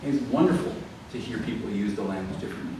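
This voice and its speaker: Lively male lecturer in an echoey hall. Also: on the low side, fast. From American South. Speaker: author giving a library talk. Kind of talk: public lecture with audience questions. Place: library lecture room. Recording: roomy echo, distant mic, faint background noise.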